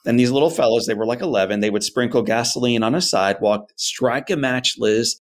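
A man being interviewed, telling a personal story in an earnest, animated way and acting out his parents' words. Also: mid-range voice, brisk. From United States. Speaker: guest.

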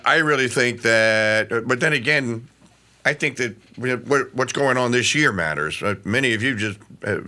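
A middle-aged man hosting a talk radio show, giving animated commentary that rambles with frequent restarts. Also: mid-range voice.

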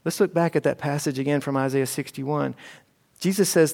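Gravelly guy walking a class through a bible passage, a bit high voice, echoey room. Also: a little fast, darkish tone. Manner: conversational, explaining, thinking aloud. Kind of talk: Bible teaching. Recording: echoey hall.

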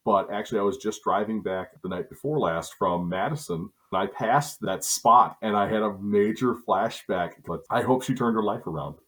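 A middle-aged man from Wisconsin, telling stories in a relaxed, chatty way on a podcast. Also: on the low side, moderate pace, few pauses. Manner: relaxed, chatty storyteller with asides and self-corrections. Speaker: podcast co-host. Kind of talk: casual storytelling.

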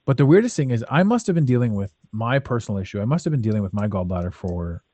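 A man's voice: mid-range voice, lively intonation, fast, warm tone. Blunt, emphatic male podcast host. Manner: emphatic, blunt, swears freely. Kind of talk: casual chat.

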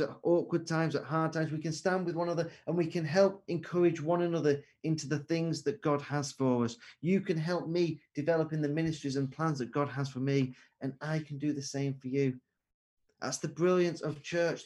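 A man's voice: a little high, darkish tone. A man preaching an earnest sermon over a video call, asking rhetorical questions.

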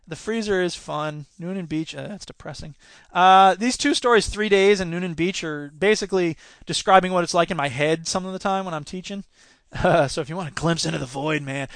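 A high-voiced man talks about his stories in a laid-back, joking way, sprinkled with uhs. The recording is dry and close, with no room sound. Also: a bit bright, smooth, no echo. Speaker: teacher and author. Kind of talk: casual chat and reading his stories aloud.

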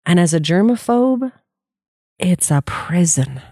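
Gravelly, candid woman life coach. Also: on the low side, very animated, slow, dark tone, no room sound, studio quality. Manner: candid, earnest, laughs often; swears casually. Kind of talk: personal motivational talk.

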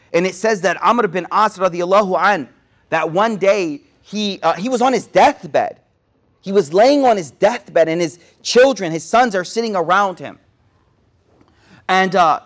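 A man with a high voice delivers a laid-back sermon as an Islamic teacher. He leans on slang and repeats lines to drive them home, sliding into rapid recited Arabic between his stories. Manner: mixes street slang with recited Arabic quotations; repeats phrases for emphasis. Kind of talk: casual sermon with storytelling.

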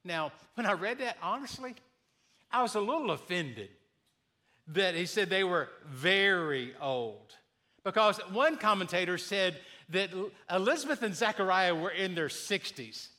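A man in his sixties preaching a sermon, earnest and deliberate, sometimes restarting his sentences. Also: sits high, animated, pushed and bright. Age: 60s. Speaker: pastor.

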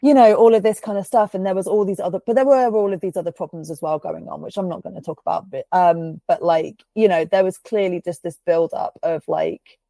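A woman podcast host with a lowish, gravelly voice and a mellow, dark tone, recorded dry and close. She talks in a casual, rambling way, packed with fillers and the odd swear word. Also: steady tone, a little fast, few pauses, no room sound. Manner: chatty storytelling, filler-heavy, swears freely. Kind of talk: casual chat.

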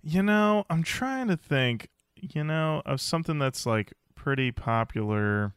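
A man's voice: a little high, expressive, unhurried, clear, resonant tone, no room sound, studio quality. A man co-hosting a podcast in casual chat, rambling with fillers and restarts. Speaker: podcast co-host.

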